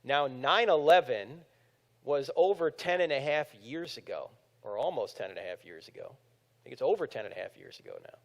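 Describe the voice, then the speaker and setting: A man's voice: mid-range voice, moderate pace, vocal fry. A man in his fifties giving an apologetics talk to a live audience in a large room, telling stories and acting out the people in them. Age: 50s. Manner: animated storytelling, acting out quotes. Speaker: speaker. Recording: long hall reverb.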